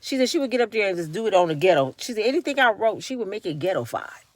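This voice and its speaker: Animated woman dishing casual commentary. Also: mid-range voice, quick pace, dry recording. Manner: animated, acts out voices of others mid-story. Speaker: vlogger.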